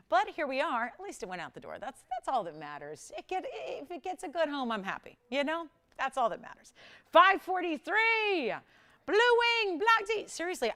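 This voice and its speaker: A woman hosting a live shopping channel, chatty and animated as she pitches jewelry and prices. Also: clear, resonant tone. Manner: animated, chatty, sells with rapid price talk. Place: television studio.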